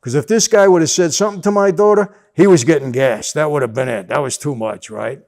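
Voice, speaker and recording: Older man telling a gravelly anecdote. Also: on the high side, fairly quick. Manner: animated storytelling with quoted dialogue. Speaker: storyteller. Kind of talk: casual anecdote.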